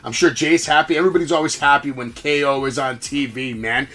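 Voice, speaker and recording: A fairly high-voiced man rattles through a casual recap as host, swearing freely and slipping into quoted lines for effect. His talk is loose and excitable. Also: fairly quick. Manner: profane, excitable, acts out quotes. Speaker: wrestling podcast host.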